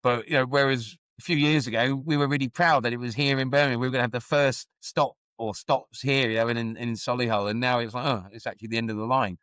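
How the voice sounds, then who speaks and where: A middle-aged man speaks as a podcast guest in a thoughtful, musing way, often circling back with "you know" and restarting his sentences. His voice sits at a middle pitch. The sound is dry and close, with no room echo. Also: steady tone, fast talker, hardly any pauses, a bit bright, clear, resonant tone. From England. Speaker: guest, former football club executive. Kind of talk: podcast conversation.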